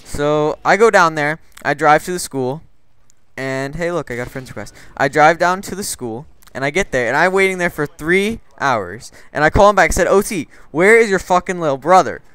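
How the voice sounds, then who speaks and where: A man's voice: on the high side, animated, moderate pace, sharp tone, clear, resonant tone, no room sound, rough recording. A man hosting a gaming channel, telling rambling, profane stories in casual gameplay commentary, full of "like" and restarts. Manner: rambling, profane, filler-heavy.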